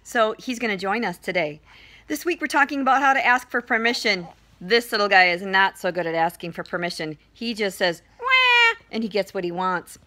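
A woman's voice: mid-range voice, a little fast, sharp tone. An older woman giving cheerful, teacherly morning announcements to a school from her home.

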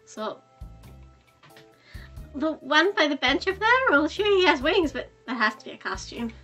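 A woman's voice: sits high, sing-song, moderate pace, pushed and bright, muffled recording, soft background music, pitched above the performer's own voice, heavily acted. A woman voicing a doubtful, easily flustered young female cop.

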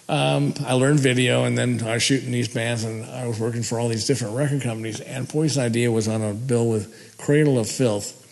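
A man's voice: medium pitch, gravelly. A man telling a rambling personal story in a casual way, chuckling now and then. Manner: rambling, laughing, restarts. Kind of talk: casual spoken recollection.

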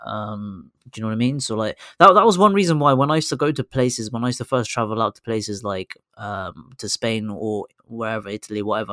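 A man's voice: fairly low pitch, a bit bright, dry recording, clean studio sound. A young man from England with an English accent, casually telling a story on a podcast in a rambling way. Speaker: podcast co-host. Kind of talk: casual chat.

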